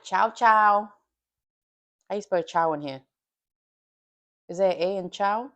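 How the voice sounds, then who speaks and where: Woman, lower register, a futures trader hosting her own stream, relaxed and profane with chat and self-coaching in her day's review. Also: normal speed, lo-fi sound. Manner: loose and profane, chatting with viewers. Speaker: futures trading livestreamer.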